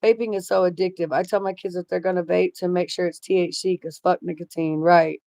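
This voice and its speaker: A woman's voice: on the low side, steady tone, a little fast, warm tone, dry recording. A middle-aged woman hosting a casual livestream, reading comments aloud and talking bluntly with lots of swearing. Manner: blunt, swears freely, chatty. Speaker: livestream host reading chat.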